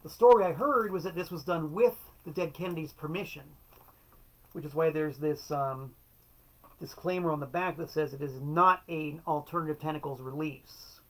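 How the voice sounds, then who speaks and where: A middle-aged man with a somewhat high voice speaks at a normal pace, hosting a casual solo show. He's a record collector who tells stories with wry enthusiasm, tossing in playful quotes.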